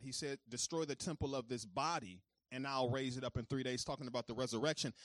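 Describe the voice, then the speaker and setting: A man preaching a sermon who moves between calm teaching and loud, high-pitched preaching, talking informally straight to his congregation. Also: dry recording, studio quality. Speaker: pastor.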